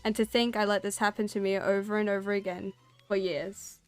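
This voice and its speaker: A woman's voice: medium pitch, flat delivery, a little fast. Female streamer, storytelling read with a chatty, self-conscious manner; faint music under her. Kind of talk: reading a spooky story aloud.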